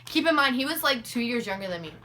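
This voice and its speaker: A young woman vlogger telling a story in a casual, animated, profane and sarcastic way. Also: fairly high pitch, fast.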